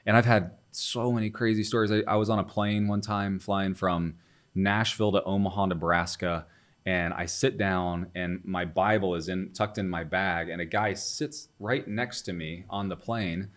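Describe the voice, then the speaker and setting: A man talking as a podcast guest, telling stories in a relaxed, chatty way and acting out what others said. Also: low-pitched, moderate pace. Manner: animated storyteller, acts out quoted dialogue. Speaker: guest, business owner and ministry leader. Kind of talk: casual podcast storytelling.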